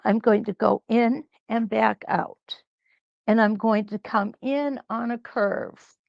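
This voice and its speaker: A woman hosting a live quilt-along, talking slowly and reassuringly as she thinks aloud through each stitching step. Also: on the high side, creaky, no room sound, dull audio. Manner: slow, reassuring, thinks aloud while sewing.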